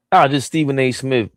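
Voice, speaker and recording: A man's voice: medium pitch, no room sound, clean studio sound. Heated, profane male sports host. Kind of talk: fired-up sports talk stream.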